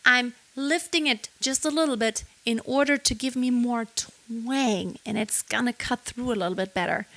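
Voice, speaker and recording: A woman's voice: on the high side, moderate pace, fairly bright tone, no echo. A woman teaching singing, explaining technique and singing short lines to show it. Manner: explains then sings short lines to demonstrate. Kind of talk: vocal lesson with sung demos.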